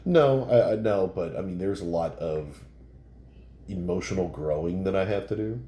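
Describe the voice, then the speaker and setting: A man co-hosting a casual podcast chat, talking about himself in a halting, reflective way with many restarts. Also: deep voice, dark tone. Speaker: podcast co-host. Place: bar room. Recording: roomy echo, faint background noise.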